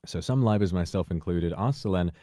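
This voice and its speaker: A man reading a prepared public statement in a measured, formal, carefully worded way. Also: deep voice, warm tone, dry recording, clean studio sound. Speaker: person giving a public statement.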